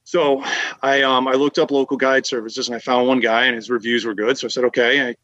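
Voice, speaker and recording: A man from Massachusetts telling fishing stories in a relaxed podcast chat. He rambles through his anecdotes with plenty of fillers, restarts and asides. His voice sits at a middle pitch, recorded close and dry. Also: brisk, dry recording, lo-fi sound. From Massachusetts, USA. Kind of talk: casual conversational storytelling.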